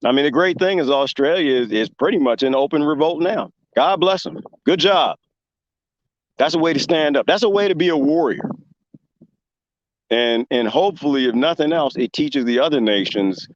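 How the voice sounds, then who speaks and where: A man's voice: on the high side, muffled recording, slight background noise. A man hosting a talk show in casual commentary, passionate and rambling as he makes his point. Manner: impassioned, rambling, with lively imitated quotes. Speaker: show host.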